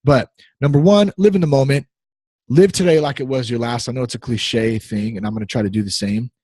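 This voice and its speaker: Rambling, husky-voiced male podcast host. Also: medium pitch, a little fast, a little mellow, no echo. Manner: rambling, easily distracted, playful. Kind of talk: casual rambling podcast talk.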